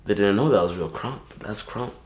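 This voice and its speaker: Low-voiced dancer guy telling his story, roomy echo. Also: a little fast, very noisy. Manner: animated when telling battles, low and subdued about his past. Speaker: krump dancer. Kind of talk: interview storytelling.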